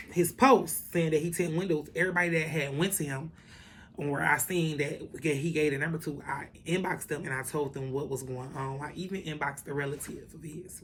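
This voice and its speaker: Low-voiced woman ranting through a storytime vlog, lots of cussing and asides, faint room noise. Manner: animated, profane retelling with many asides. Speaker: vlogger.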